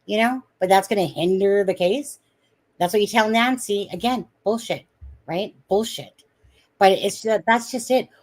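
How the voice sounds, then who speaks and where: A woman's voice: medium pitch, moderate pace. An outspoken woman talking on a live stream with an ordinary mid-range voice. She is indignant and blunt, and she swears freely as she argues her points. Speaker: guest commentator. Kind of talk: casual live-stream commentary.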